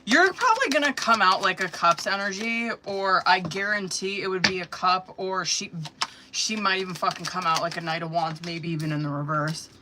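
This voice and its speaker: A woman's voice: lowish voice, moderate pace, noisy background. A woman giving a live-stream tarot reading, talking bluntly and animatedly with lots of swearing and slang. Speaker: tarot reader.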